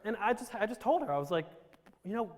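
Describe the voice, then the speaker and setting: Speaking very fast in a high, sing-song voice, a man from Romania tells his life story to a live audience. He cracks self-deprecating jokes and rambles, often restarting his sentences, in a reverberant hall.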